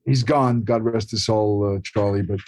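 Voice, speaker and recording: A man's voice: on the low side, fairly even intonation, moderate pace, darkish tone. An older man with a New York accent, a guest actor telling rambling anecdotes full of restarts in a casual chat.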